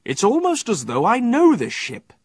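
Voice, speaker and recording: A man's voice: high voice, wildly swooping pitch, moderate pace, husky, dry recording, clean studio sound, voice pushed up, heavily acted. A man reading aloud, voicing a shipwrecked sailor who turns into a cheerful, hearty ship's captain.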